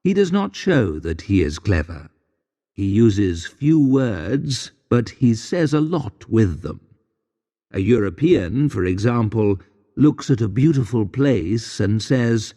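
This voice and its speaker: A man narrating a graded English story in a measured, deliberate reading voice. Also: on the low side, very animated, dark tone, big-room sound. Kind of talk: slow scripted story narration for learners.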